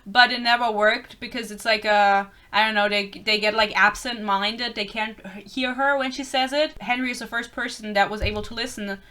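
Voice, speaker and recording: A woman's voice: a little high, fairly even intonation, moderate pace, hardly any pauses, bright, forceful tone. A young woman giving a blunt, sarcastic book rant, swearing freely and laughing often, recorded indoors close to the camera. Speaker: book reviewer.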